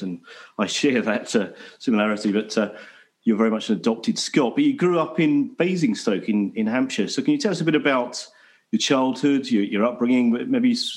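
A man hosting a podcast interview, speaking in a friendly, measured way with some ums and restarts. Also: medium pitch. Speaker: podcast host.

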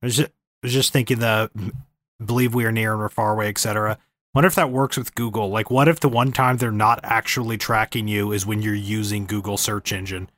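A man's voice: lowish voice, steady tone, fairly quick, a bit bright, no echo. A man co-hosting a podcast in easy, casual chat, a bit hesitant at times. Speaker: podcast co-host.

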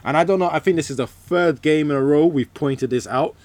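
A man's voice: on the high side, a little fast, a little mellow, dry recording. A man co-hosting a football podcast, giving firm, explanatory opinions in casual banter. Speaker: podcast co-host.

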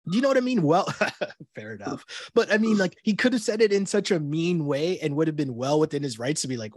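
A man's voice: high-pitched, animated, moderate pace, no room sound, studio quality. A man co-hosting a casual podcast chat, talking animatedly, laughing often and acting out quotes. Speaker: podcast co-host. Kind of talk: casual chat recapping a reality show.

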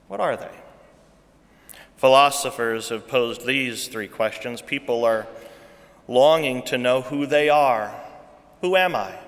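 A man preaching a sermon as pastor, repeating rhetorical questions and swinging between hushed, soft lines and loud, emphatic ones. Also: mid-range voice, big-room sound.

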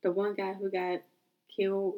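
Woman, tipsy, podcast co-host, loose casual chat, animated, faint hiss. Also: medium pitch, normal speed, highs cut off.

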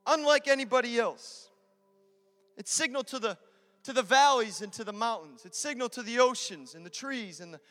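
A male pastor preaching an impassioned sermon to a congregation in church, building to loud, emphatic repetitions. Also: very high voice. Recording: long hall reverb with music behind.

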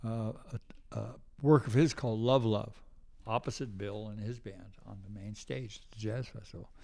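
A man's voice: fairly low pitch, fairly even intonation, moderate pace, vocal fry, a little mellow. An older man telling rambling anecdotes as an interview guest, often acting out the voices of people he quotes. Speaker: guest musician. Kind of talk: casual storytelling interview.

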